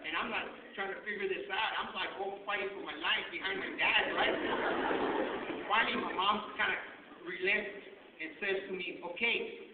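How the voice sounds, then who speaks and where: High-voiced man telling funny stories. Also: normal speed. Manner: animated, mixing in Spanish slang. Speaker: guest speaker telling stories. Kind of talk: humorous personal storytelling. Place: school hall. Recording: far-off, echoey, tinny with noise.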